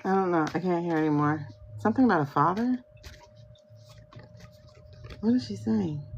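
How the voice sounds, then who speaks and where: A woman's voice: low voice, animated, normal speed, creaky, long pauses. A woman hosting a live tarot reading, talking casually and thinking aloud in slangy speech. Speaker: tarot reader and livestream host. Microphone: phone. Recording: dull lo-fi livestream audio.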